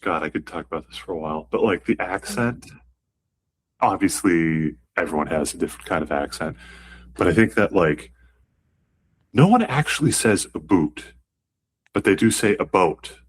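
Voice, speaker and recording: A Canadian man co-hosting a podcast in casual chat, easygoing and quick to agree with his co-host. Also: low-pitched, lively intonation, husky. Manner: easygoing, agrees often with "yeah".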